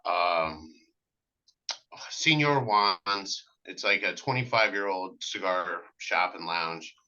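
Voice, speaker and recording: Man guest, storyteller, very bright tense voice, dull lo-fi sound, lots of ums and restarts. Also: low voice, slow. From American Midwest. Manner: animated anecdotes with many fillers and restarts. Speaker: cigar maker, guest. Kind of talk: casual storytelling interview.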